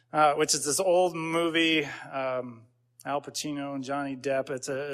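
A man's voice: a little high, fairly bright tone. A man pastor giving a conversational sermon, telling stories with casual asides and building to emphatic points.

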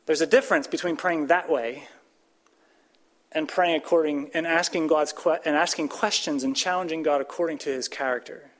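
A man's voice: steady tone, moderate pace. A man giving a conversational Bible teaching, speaking casually with frequent restarts and pushing up his voice for emphasis. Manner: casual, restarts and fillers, rises in pitch and volume for emphasis.

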